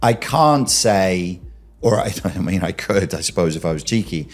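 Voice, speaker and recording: A man hosts a commentary and makes his case emphatically. His pitch rides up and down with lively swings as he presses rhetorical questions on the listener. Faint music plays behind him. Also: normal speed. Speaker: commentary host. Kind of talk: argumentative commentary.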